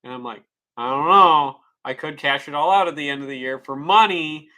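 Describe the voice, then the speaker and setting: Male streamer, bright tense tone, loose profane rambling talk to his viewers. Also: a little high, brisk. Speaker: livestreamer. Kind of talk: casual livestream chat.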